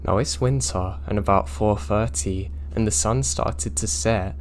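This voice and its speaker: A man narrating reader-submitted horror stories in a calm, even storytelling delivery. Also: on the low side, a little slow, a little hiss or hum.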